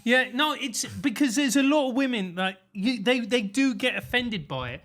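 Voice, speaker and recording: A man's voice: very high voice, lively intonation, moderate pace, fairly bright tone. A man co-hosting a podcast in casual comedic chat, rambling and laughing often. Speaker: podcast co-host.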